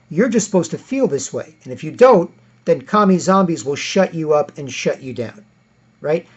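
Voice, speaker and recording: A man's voice: on the high side, slightly rough, lo-fi sound. A man delivering a rambling, repetitive political rant as a vlogger.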